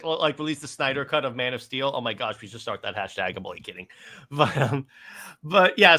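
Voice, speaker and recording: A man hosts a relaxed film discussion with a fairly high, bright and forceful voice. He retells scenes eagerly, often stammering and restarting his sentences as he goes. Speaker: podcast host. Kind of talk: casual movie discussion.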